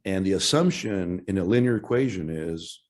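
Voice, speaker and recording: A man giving a technical presentation at an industry workshop, talking in a halting way with frequent restarts and self-corrections. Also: low-pitched, animated, darkish tone.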